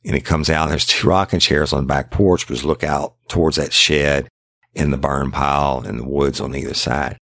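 A man's voice: rumbling low, fairly even intonation, normal speed, vocal fry, fairly bright tone, dry recording, clean studio sound. A middle-aged man, telling a true-crime story in a rambling, casual way and repeating himself often. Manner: rambling, repeats himself, tags every quote with "I said". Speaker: podcast host and former investigator.

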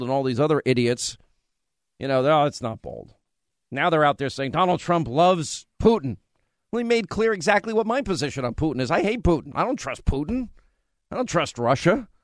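A man's voice: fairly high pitch, no echo, studio quality. A man hosting a talk radio show, delivering an opinionated, sarcastic monologue. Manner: combative, sarcastic.

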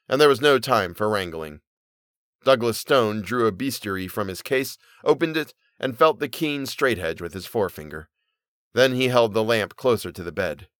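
A man reading a Victorian short story aloud as storyteller, in steady, measured narration. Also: lowish voice, no room sound, clean studio sound.

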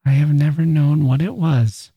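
A man's voice: fairly high pitch, steady tone, moderate pace, creaky, warm tone, husky, no echo, pitched above the performer's own voice, full character voice. A man voicing a frail dying woman writer, speaking in an earnest, tender whisper.

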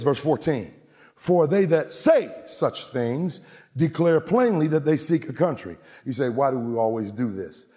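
A man preaching with fervor, his high voice carrying a gravelly rasp. He shouts his refrains and calls out to the congregation. A long reverb trails each line, with faint music underneath. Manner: fervent preaching, shouting refrains, call-and-response. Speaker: pastor. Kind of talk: preached sermon.

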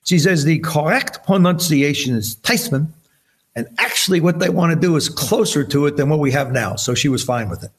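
Older guy in his 70s from jersey, telling stories on a podcast, voice a bit high, acts out what people said. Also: fast talker, few pauses, slightly rough. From New Jersey. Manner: animated storyteller acting out quoted dialogue. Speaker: podcast guest. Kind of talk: casual storytelling chat.

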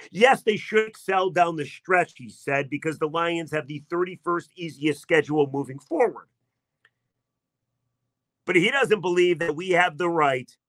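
Bright-voiced sarcastic sports radio man. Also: fairly high pitch, no room sound. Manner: chatty, sarcastic storytelling. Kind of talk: sports talk radio monologue.

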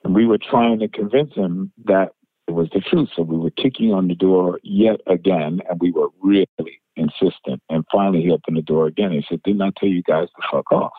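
A male musician being interviewed, telling anecdotes in an animated way, laughing and acting out what people said. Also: low voice, fairly quick, no echo. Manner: animated storyteller, laughs, acts out quotes. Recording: tinny phone-like interview line.

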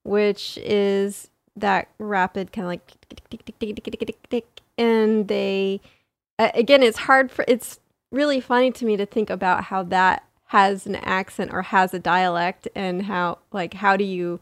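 A woman co-hosting a casual educational podcast, chatty and quick to laugh as she explains. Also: mid-range voice, steady tone, smooth, no echo. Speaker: podcast co-host.

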